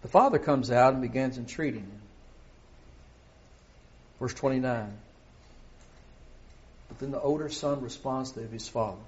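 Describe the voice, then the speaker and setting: A man's voice: medium pitch, measured pace, long pauses, lo-fi sound. A middle-aged man preaching a sermon, often asking his congregation questions.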